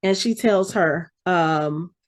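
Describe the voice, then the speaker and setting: A woman's voice: fairly low pitch, slow pace. Woman animatedly recapping an episode. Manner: animated retelling, acting out quoted lines. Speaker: podcast host.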